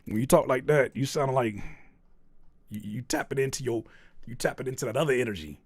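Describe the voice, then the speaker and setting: A man's voice: mid-range voice, fairly quick, husky, no echo, clean studio sound. A man hosting a livestream, chatting casually as he reads the chat and teases his viewers with mock scolding. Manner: animated, teasing, mock-scolding. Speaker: livestream host reading chat.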